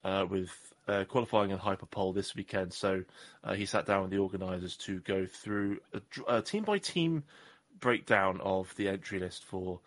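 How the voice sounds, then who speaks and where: Deep-voiced and speaking at normal speed, this southwest English podcast co-host chats casually, rambling along and making self-deprecating jokes.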